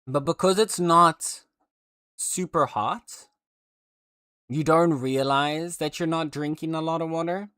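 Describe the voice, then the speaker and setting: A man's voice: a little high, slow, sharp tone, smooth, no room sound, studio quality. A man livestreaming a game, chatting casually with viewers in a rambling way with lots of fillers and restarts.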